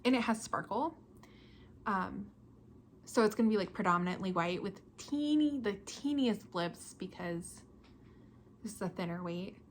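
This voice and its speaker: Young female podcast host, mid-pitched, chatty and self-deprecating, with a touch of noise in the recording. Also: a little slow, pauses often. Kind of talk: casual chat about knitting projects.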